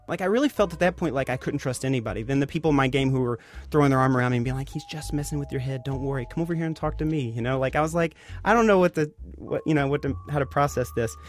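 A man telling a personal story as a radio guest, hesitant and full of fillers, getting animated as he retells it. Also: medium pitch, fast talker. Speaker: guest reporter. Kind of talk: casual storytelling.

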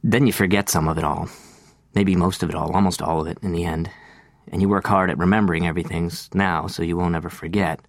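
A man reading a literary first-person monologue, slow and reflective, lingering over details. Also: deep voice, fairly even intonation, gravelly, no room sound, clean studio sound.

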